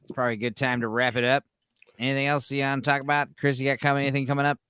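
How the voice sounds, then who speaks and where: Relaxed male host, clean resonant tone, fairly high pitch, dry close mic. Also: very fast, smooth, no room sound. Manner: laid-back, swears freely. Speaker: podcast host. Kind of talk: casual late-night chat.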